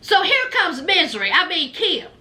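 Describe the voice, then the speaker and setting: A woman recapping a reality TV episode in a sassy, comedic, animated way. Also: extremely high pitch. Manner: sassy, animated, drawn-out punchlines.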